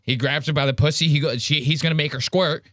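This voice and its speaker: A man's voice: a little high, fairly even intonation, fast talker, a bit bright, no room sound. Incredulous male podcast host, dry close mic. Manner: incredulous, rambling, quotes the chat and mimics people. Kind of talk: casual commentary reacting to clips.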